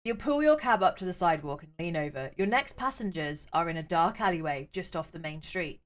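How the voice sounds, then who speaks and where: A woman's voice: expressive, fairly quick. A woman streaming a game, chatty and playful, reading story text aloud to her chat. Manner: chatty and playful, reads with varied pitch.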